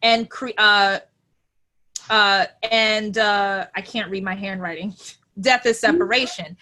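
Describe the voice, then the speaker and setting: A woman hosting a relaxed spiritual talk, reading her notes aloud in a reflective way with many fillers. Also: medium pitch, slow. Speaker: host.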